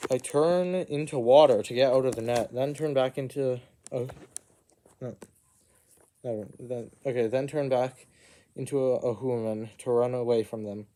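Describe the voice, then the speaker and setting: A man's voice: mid-range voice, normal speed, mellow. A man telling an improvised first-person fantasy story, rambling, with frequent asides and self-corrections.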